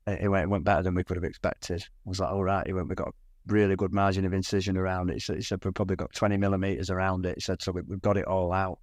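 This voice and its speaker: A man's voice: sits low, little pitch movement, racing, no echo. Cornish man, middle-aged, podcast guest; candid storyteller, dry close sound. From England. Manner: candid, frequent restarts and quoted dialogue. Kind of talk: conversational storytelling.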